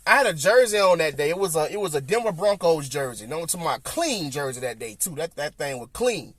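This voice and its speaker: A man with a Southern US accent tells a story on his podcast in a high, animated voice. He repeats himself and acts out what people said. The sound is close and completely dry. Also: fast, no echo. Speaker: podcast host. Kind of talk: casual storytelling.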